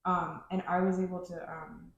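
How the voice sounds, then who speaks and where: Woman on a podcast rambling about her feelings, lowish voice, room echoes a lot. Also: flat delivery, normal speed, vocal fry, dull audio. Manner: rambling, heavy use of "like". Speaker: podcast co-host. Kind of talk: casual chat.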